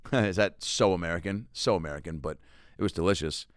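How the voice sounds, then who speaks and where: A man's voice: low voice, brisk, dry recording, studio quality. A man hosting a comedy podcast, telling loose, profane travel stories and riffing with silly voices. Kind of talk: casual comedic monologue.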